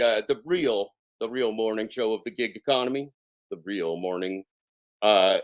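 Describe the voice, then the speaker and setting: A man's voice: lowish voice, normal speed. A man hosting a casual live stream, talking in a sarcastic, mocking and boastful way and swearing freely.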